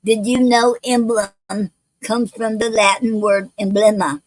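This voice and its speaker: A woman hosting a poetry livestream, talking in a halting way with many restarts, spelling out words letter by letter, some words not coming out clearly. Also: fairly high pitch, fairly even intonation, dry recording, low-quality recording. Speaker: poetry show host. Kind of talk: casual livestream talk. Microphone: home livestream mic.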